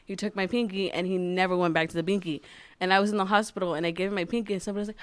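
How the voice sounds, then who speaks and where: A woman's voice: mid-range voice, very fast, noisy background. A woman hosting a podcast, chatting casually and telling stories with a lot of joking and laughter. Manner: laughing, joking, animated storytelling. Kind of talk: casual chat.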